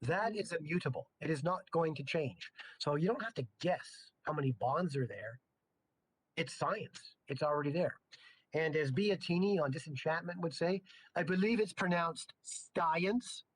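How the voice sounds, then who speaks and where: A middle-aged man teaching chemistry in a loose, playful lecture style. His voice sits a little high for a man, and he breaks off into chatty jokes between the problems. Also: normal speed, breathy edge. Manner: joking, chatty asides. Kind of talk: casual lecture.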